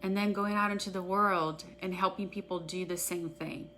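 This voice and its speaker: A woman practitioner guiding an EFT tapping session, speaking in an earnest, gentle, affirming way. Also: fairly low pitch, fairly even intonation, normal speed, slight background noise.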